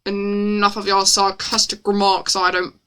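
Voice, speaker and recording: A woman voicing a stern, cold male doctor in a slow, hushed, sneering drawl. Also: monotone, clear, resonant tone. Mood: snapping. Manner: slow mock-menacing drawl, low and hushed.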